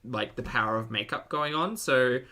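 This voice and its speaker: Aussie male streamer, sunny forceful tone, giggly and chatty, reads chat aloud. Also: medium pitch, normal speed. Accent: Australian. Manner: chatty, laughs often, reads out chat messages. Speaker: streamer reacting to videos. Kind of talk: live reaction stream, casual chat.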